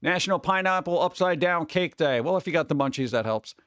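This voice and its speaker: Speaking a little fast, this streamer has a smooth, fairly bright voice on the high side and a very expressive delivery. He rambles and jokes with viewers over a close desk mic, with no echo.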